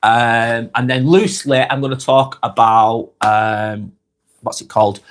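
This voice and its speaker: A man with a Lancashire accent, hosting a calm live stream, reading viewers' comments aloud and chatting back in an unhurried way with lots of ums and restarts. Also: mid-range voice. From North West England. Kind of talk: casual live-stream chat.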